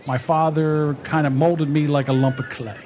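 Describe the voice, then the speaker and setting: A man calmly introducing stories about his father on a podcast. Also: on the high side, moderate pace, slight background noise. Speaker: podcast host. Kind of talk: spoken intro.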